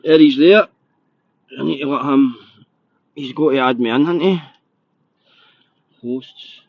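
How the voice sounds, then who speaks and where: A Scottish man hosting a live podcast in casual chat, excitable and a little nervous, swearing freely. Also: medium pitch, takes it slowly, no echo, dull audio. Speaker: podcast host.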